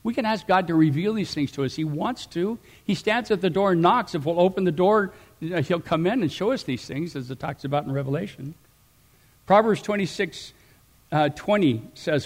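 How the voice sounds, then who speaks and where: A middle-aged man preaching a sermon, animated, swinging between loud emphatic rises and quiet asides. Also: a little high, moderate pace. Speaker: pastor.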